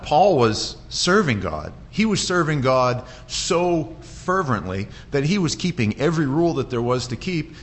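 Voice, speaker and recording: A man delivering a sermon in a church in a conversational way, with frequent restarts and lively quoted voices. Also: medium pitch. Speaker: pastor.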